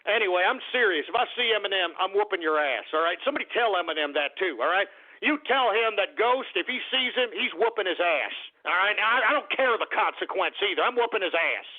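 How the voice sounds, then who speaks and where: A man's voice: high voice, lively intonation, brisk. A man hosting a call-in radio show, ranting and mocking callers with constant profanity. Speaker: radio host. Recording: tinny phone-line audio.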